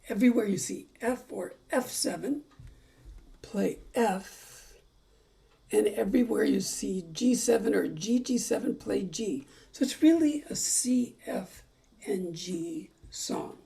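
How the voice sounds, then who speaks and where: A woman's voice: medium pitch, expressive, takes it slowly, vocal fry, dark tone. A woman teaching a casual ukulele lesson, chatting and singing along while calling out chords.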